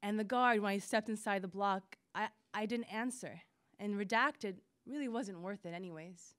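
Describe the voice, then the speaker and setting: A woman reads a memoir aloud for an audience, her pitch in the middle range. Her delivery is slow and deliberate. She leans hard on key words. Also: fairly bright tone. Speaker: reader. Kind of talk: reading a memoir aloud on stage.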